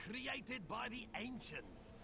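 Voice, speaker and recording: A gravelly old peddler. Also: male voice, huge pitch swings, slow pace, noisy background, heavily acted. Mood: grandly theatrical. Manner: grand, theatrical sales pitch. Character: showy old male traveling merchant, hawking trinkets. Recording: game audio with music behind.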